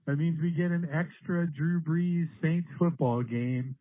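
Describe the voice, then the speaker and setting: A man's voice: fairly high pitch, measured pace, no room sound. A man talking casually and upbeat about his team's playoff chances. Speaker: podcast co-host. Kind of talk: casual chat. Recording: tinny phone-like line.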